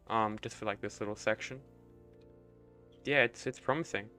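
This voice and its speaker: A man's voice: lowish voice, normal speed, smooth, faint music behind. Young man streaming, mumbling as he builds. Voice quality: relaxed, mumbly, trailing off, casual swearing. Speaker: game streamer. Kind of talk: casual thinking-aloud while building.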